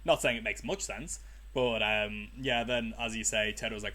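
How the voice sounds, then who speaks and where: A man's voice: lowish voice, fairly even intonation, moderate pace, sharp tone. A young man co-hosting a podcast, thinking aloud in a casual, rambling way with frequent ums. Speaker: podcast co-host. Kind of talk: casual chat.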